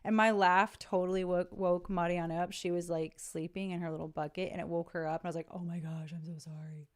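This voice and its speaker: A woman's voice: fairly low pitch, little pitch movement, fast talker, clean tone. A middle-aged woman vlogging as she works on a journal page, chatting in a rambling, friendly way and talking to her viewers. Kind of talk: casual chat while crafting.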